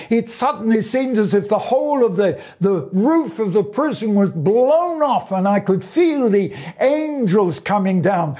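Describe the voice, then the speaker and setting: A man's voice: high-pitched, darkish tone. An older man preaching a sermon, earnest and fervent, quoting scripture as he testifies.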